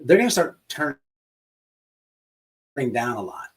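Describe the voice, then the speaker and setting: A man chats casually on a livestream, rambling with a mocking tone. His voice is mid-pitched. He sits well back from the microphone, so he sounds distant. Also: very animated, unhurried. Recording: voice distant from the mic.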